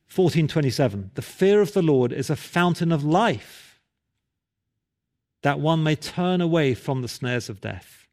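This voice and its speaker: A man's voice: a little high, expressive, a little slow, a little mellow. A male pastor preaching a sermon, telling a story and building to emphatic repeated calls.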